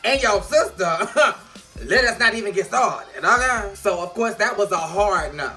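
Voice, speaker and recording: A sassy, outspoken man recapping a TV episode in a casual, playful way, with plenty of cursing. His voice sits high for a man and sounds bright and forward. Quiet music plays underneath. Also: lively intonation, measured pace. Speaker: TV show reviewer.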